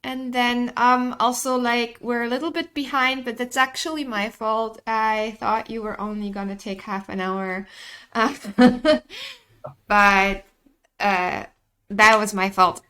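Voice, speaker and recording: Slow, bright-voiced woman event host. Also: on the high side, fairly even intonation. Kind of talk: casual chat.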